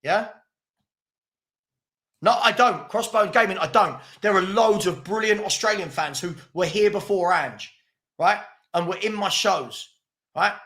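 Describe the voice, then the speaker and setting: Combative high-voiced man reading chat. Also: unhurried, pauses often, sharp tone. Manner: combative, mocking, repeats himself. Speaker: fan channel host. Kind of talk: live-stream commentary reading chat comments.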